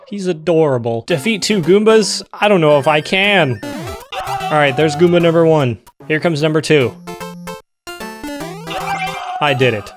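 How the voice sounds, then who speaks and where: A young man giving comedic let's-play commentary, joking and breaking into sudden loud outbursts. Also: a little high, lively intonation, normal speed. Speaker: gaming YouTuber. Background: game music.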